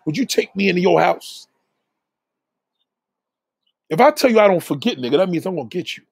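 Husky, profane man ranting at chat. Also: high-pitched, lively intonation, brisk, dry recording. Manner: preachy, profane, confrontational. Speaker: livestream host reading chat.

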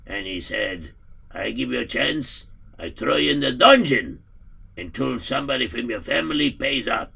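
Man as a grim Yiddish-accented village man, raspy and crackly, halting delivery, amateur radio play. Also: medium pitch, lively intonation, bright, forceful tone, exaggerated voice. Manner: halting, repeats himself. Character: male villager bearing grim news, weary and gloomy.

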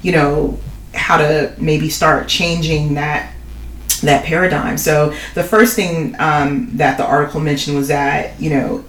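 A woman co-hosting a podcast in casual chat, leading the talk with loose, conversational remarks and the odd swear. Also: low voice. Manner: frequent affirmations, conversational, occasional swearing. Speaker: podcast co-host. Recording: roomy, distant from the mic.

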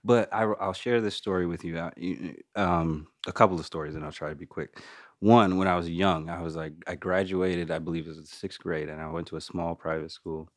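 Low-voiced guy chatting as a guest, emphatic, laughs a lot, dry sound. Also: fairly even intonation, fairly quick, no room sound. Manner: emphatic and openly emotional, laughing easily. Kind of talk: casual interview chat.

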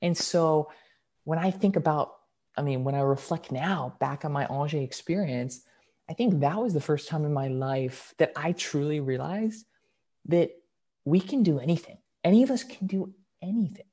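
Young guy telling a story on a podcast, gets all excited and loud at parts, super casual. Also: on the high side, husky. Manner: animated, excited storytelling with quick bursts. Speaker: podcast guest, alumnus.

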